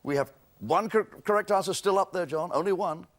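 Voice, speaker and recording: A man's voice: high-pitched, a little fast. A man hosting a television quiz show, witty and punning as he reads out the answers. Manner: witty, punning, lively delivery. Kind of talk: game show hosting with quips. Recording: TV broadcast with background noise.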